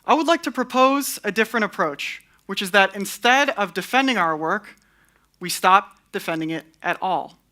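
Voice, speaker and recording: A man's voice: sits high, expressive, normal speed, sharp tone. A young man giving a candid conference talk on stage, with wry, sarcastic asides. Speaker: conference speaker.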